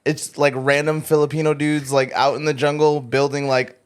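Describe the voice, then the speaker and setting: A man's voice: fairly high pitch, level tone, moderate pace, clear, resonant tone. A man co-hosting a podcast, talking in a blunt, playful way. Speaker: podcast co-host. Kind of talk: casual podcast chat.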